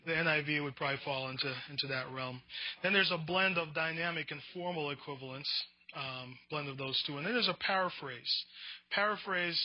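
A man's voice: fairly high pitch, dry recording, muffled recording. A man teaching a Bible class in a conversational lecture, reading definitions and often restarting his words.

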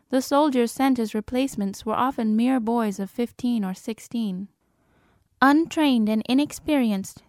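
A woman narrating an audiobook with measured, dramatic delivery over a cinematic score. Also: a little high, darkish tone, dry recording. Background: cinematic music score.

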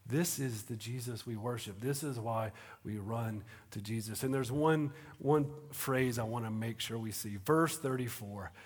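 A man preaching a sermon in a conversational way, moving between hushed moments and animated bursts. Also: mid-range voice, measured pace, breathy edge. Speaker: pastor. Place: auditorium. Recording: reverberant auditorium.

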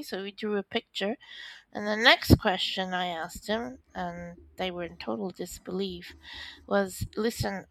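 A woman telling her own story in an interview, with lively, acted-out dialogue. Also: medium pitch, dry recording, poor audio. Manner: animated storytelling, acts out quoted dialogue. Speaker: interview guest. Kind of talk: recounting a personal story.

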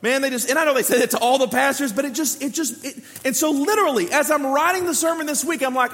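A high-voiced man around forty preaches a sermon with lively storytelling, acting out the voices in his stories. His voice carries a long reverb, as if recorded in a large church hall. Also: quick pace, hardly any pauses. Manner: lively storytelling preacher who acts out quoted dialogue. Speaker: pastor.

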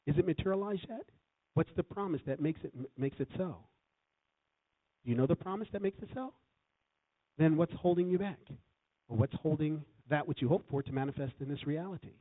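A man's voice: fairly high pitch, a little fast, long pauses. A man preaching as a guest in a church, calling for responses from the congregation. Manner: lively, calls for congregation responses. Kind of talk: sermon. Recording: tinny phone-like sound.

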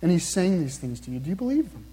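A man preaching with an earnest, searching manner, pressing his listeners again and again and slowing down when he reads scripture. His voice sits high yet mellow. A long reverb trails after his words, as in a large hall. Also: very animated. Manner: earnest, repeats questions to the listener, slows down to read scripture. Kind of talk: sermon.

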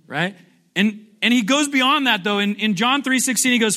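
Speaking slowly with long pauses, a male pastor uses a high, bright, forceful voice with lively intonation. His sermon is conversational and joking, with frequent questions to the congregation and playful acting-out of scripture.

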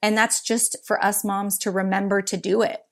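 A woman speaking as a guest author on baby sign language, telling lively stories in a casual chat with a lot of "like". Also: medium pitch, moderate pace. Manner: lively storyteller, chatty, says "like" often.

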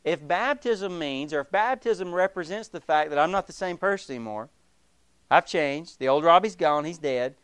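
A man preaching a sermon as pastor, emphatic and animated, acting out the voices of the people he quotes. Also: a little high, moderate pace, clean tone, no echo.

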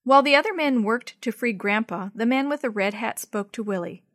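A woman telling a chapter story aloud to children, gentle and expressive. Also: on the high side, brisk, no room sound, clean studio sound.

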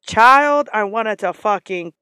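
A woman's voice: on the high side, expressive, moderate pace, no room sound, studio quality. A woman who works as a restaurant server, ranting in a casual vlog, blunt and sassy with lots of swearing.

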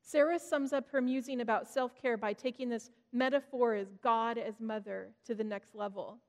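Earnest woman preaching, high voice in echoey hall. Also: fairly even intonation, normal speed. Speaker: devotional speaker. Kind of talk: reflective sermon reading. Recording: long reverb, hall-like.

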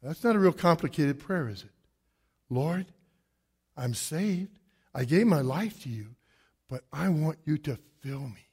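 A pastor delivering an emphatic, animated sermon full of rhetorical questions, moving around as he preaches to a church congregation. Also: a little high, a little slow, pauses often, breathy edge. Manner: moves around a lot while preaching.

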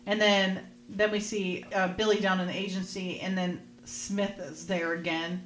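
This podcast host speaks at a moderate pace in a lowish, steady voice. In a relaxed recap of a TV episode, she retells what happened, voices the characters with light acting, and laughs a lot.

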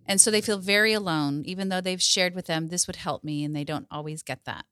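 A woman psychologist, a guest on a podcast, giving advice in a warm, encouraging and measured way. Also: fairly low pitch, clean tone. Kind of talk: advice in conversation.

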